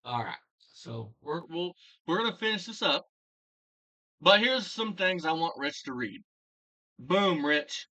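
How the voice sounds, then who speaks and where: A vlogger unloads an angry, profanity-laced commentary rant, piling on insults and hammering key phrases over and over. The voice is bright and sharp and swings widely in pitch. It sits a little far from the microphone. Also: sing-song, a little slow, pauses often.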